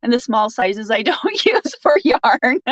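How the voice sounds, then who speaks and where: A woman's voice: fairly high pitch, sing-song, slow, dry recording, lo-fi sound. A woman hosting a casual live stream, reading out viewer comments, joking and laughing often and turning sympathetic when someone shares bad news. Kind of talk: casual chat.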